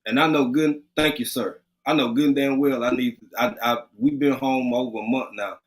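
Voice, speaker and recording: A man's voice: mid-range voice, steady tone, normal speed, hardly any pauses, rough recording. Middle-aged east texas guy, earnest and preachy, says things twice, casual livestream talk. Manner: earnest and preachy, repeats himself. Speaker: livestream co-host. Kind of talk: casual chat.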